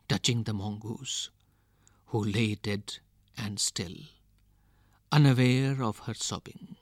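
A man reading a picture book aloud, slow and deliberate, with expressive delivery. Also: lowish voice, dry recording, clean studio sound. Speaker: storyteller.

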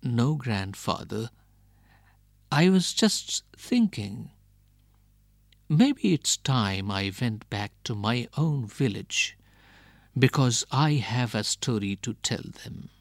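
Young grandson, earnest, unsure; male reader, slow delivery. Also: mid-range voice, expressive, no echo, studio quality. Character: thoughtful young man, the grandson.

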